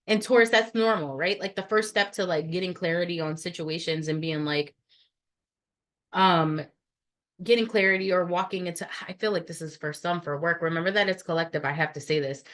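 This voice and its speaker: Woman tarot reader, low-pitched, blunt, swears freely, rambles through casual on-camera readings. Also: a bit bright. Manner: blunt, profane and rambling, many fillers.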